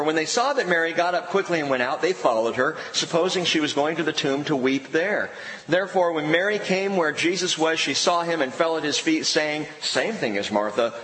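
A man preaching a sermon in an emphatic way, with dramatic pauses and sudden drops to a hushed voice. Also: fairly high pitch. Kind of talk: expository sermon. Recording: echoey hall with long reverb, faint background noise.

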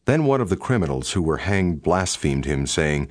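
A man narrating a Bible passage in a steady, formal storytelling cadence. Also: very deep voice, normal speed, no room sound, studio quality. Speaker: scripture narrator. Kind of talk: scripted Bible reading.

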